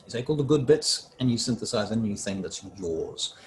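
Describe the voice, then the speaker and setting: A man's voice: on the low side, lively intonation, moderate pace, slight background noise. A middle-aged man giving a casual, rambling lesson on acting for roleplaying games, often breaking off and restarting his sentences. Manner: rambling, self-interrupting. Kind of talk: casual instructional talk.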